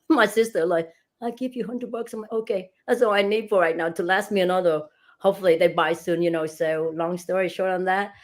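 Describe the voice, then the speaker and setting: A middle-aged woman, a real estate agent, animatedly telling a story in an interview and acting out the dialogue. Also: on the low side. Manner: animated, acts out dialogue, laughs while telling.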